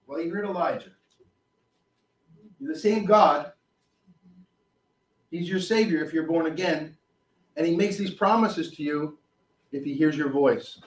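A man preaching a sermon, reading scripture with rising force and dropping low on asides, with frequent restarts. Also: poor audio. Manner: animated, rises loud on scripture and drops low on asides; halting, with restarts and fillers.

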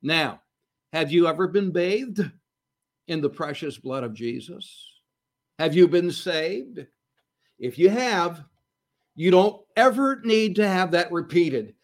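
A man preaching a sermon, telling a Bible story in an earnest, storytelling manner. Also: high-pitched.

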